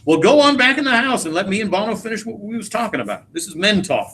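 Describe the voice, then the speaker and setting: A man's voice: high-pitched, big pitch swings, quick pace, fairly bright tone, heavily acted. A teacher reading aloud as a boastful, teasing middle-aged man who drawls through his stories. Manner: swaggering, teasing, drawling speech. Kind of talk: dramatic read-aloud of a play.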